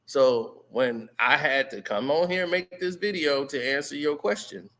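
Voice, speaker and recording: A man giving casual commentary, animated and laughing often. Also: on the high side, moderate pace. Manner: animated, laughing, mimics loud greetings.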